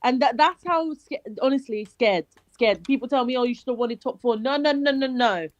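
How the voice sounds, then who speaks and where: A woman with a London accent chatting on a remote call about football, animated and swearing, tripping over her words. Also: on the high side, normal speed, dry recording, poor audio. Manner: animated, swearing, self-interrupting. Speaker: panel guest. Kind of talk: casual football chat.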